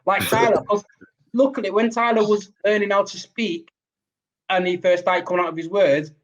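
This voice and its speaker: A man's voice: sits high, steady tone, moderate pace, muffled recording. A man with a Manchester accent, co-hosting a podcast as a father, telling stories in casual chat and laughing often.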